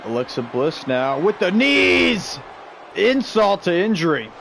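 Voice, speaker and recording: A man hosting a stream and calling video game wrestling play by play, excitable and shouting the big moves while chatting with viewers. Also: high-pitched, a little slow, gravelly, a little hiss or hum. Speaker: stream host and play-by-play commentator.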